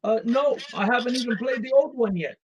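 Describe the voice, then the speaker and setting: A streamer playing a devoted Russian communist comrade with a put-on Russian accent, speaking in deadpan, formal broken English on a comedic live stream. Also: medium pitch, a little fast, highs cut off, close to an everyday voice.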